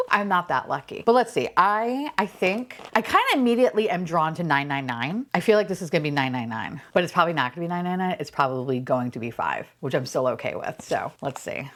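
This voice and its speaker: A woman talks through a toy unboxing in a casual, excitable rush. Her pitch leaps all over the place as she gushes, curses playfully and breaks into squealing laughter. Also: brisk. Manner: gushing, swearing, bursts of squealing laughter. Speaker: unboxing vlogger.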